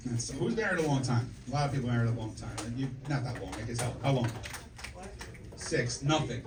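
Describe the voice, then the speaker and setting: A man's voice: mid-range voice, animated, brisk. A man in his forties doing a stand-up set, telling brash, profane stories and working the crowd, with frequent "okay?" and "right?" asides. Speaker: stand-up comedian. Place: comedy club stage. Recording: echoey club from a distance, loud room noise.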